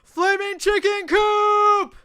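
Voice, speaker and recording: A woman putting on the voice of a young kid on a spooky adventure, bouncy and excitable. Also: very high-pitched, takes it slowly, no room sound, studio quality, pitched above the performer's own voice, exaggerated voice. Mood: excited.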